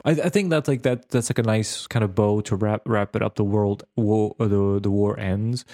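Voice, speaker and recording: A man's voice: lowish voice, steady tone, normal speed, warm tone. A man co-hosting a podcast, chatting casually and animatedly about a film with frequent restarts and laughs. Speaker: podcast co-host. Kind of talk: casual movie discussion.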